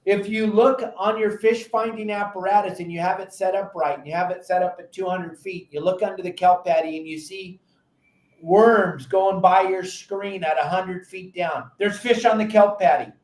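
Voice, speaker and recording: High-voiced, lively fishing show host. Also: male voice, moderate pace, reverberant. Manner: animated storyteller, acts out frantic quotes. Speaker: podcast host and fishing captain. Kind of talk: casual fishing advice talk.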